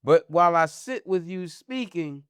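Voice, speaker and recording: A man's voice: lively intonation, unhurried, clear, resonant tone, no room sound, clean studio sound. Man teaching with rising emphasis. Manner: teaching, asks "huh?" to check listeners follow; rises in pitch and force when stressing a point. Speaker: religious teacher. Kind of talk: religious discussion.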